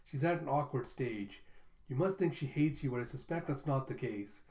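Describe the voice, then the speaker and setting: Man doing a smooth, courteous undercover spy dad, mid-pitched, echoey room. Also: lively intonation, moderate pace, a little mellow, natural voice. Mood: calm. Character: suave, polite spy posing as a father. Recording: roomy echo.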